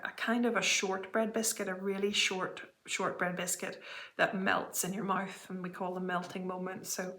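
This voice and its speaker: A chatty woman from Britain talks through her stitching projects from home, laughing often and apologizing as she goes. Her voice sits at an ordinary middle pitch. The room adds a noticeable roomy echo. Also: fairly bright tone. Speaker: flosstube host. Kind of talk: casual show-and-tell chat.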